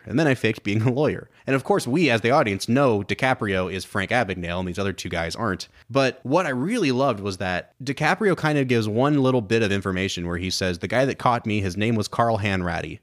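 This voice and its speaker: Enthusiastic man discussing films. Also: mid-range voice. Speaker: podcast co-host. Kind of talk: casual film discussion.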